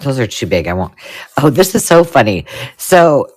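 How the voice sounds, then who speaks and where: Gushing, excitable woman craft host. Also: rumbling low, normal speed. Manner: excitable, gushing, drops to hushed whispers. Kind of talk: casual live unboxing chat.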